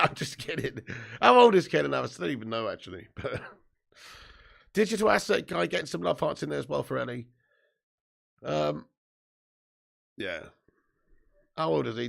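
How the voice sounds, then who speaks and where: A man's voice: a little high, expressive, moderate pace, creaky, long pauses, fairly bright tone. A man, just woken up and hosting a sweary, jokey live football watch-along, reading out viewer comments. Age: 30s. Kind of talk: casual live-stream chat and match commentary.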